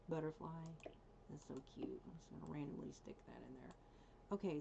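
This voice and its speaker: A woman's voice: on the low side, gravelly, dark tone, slight background noise. A woman live streaming from home, chatting casually as she builds in a game, thinking aloud and teasing her dog now and then. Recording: dull lo-fi stream audio.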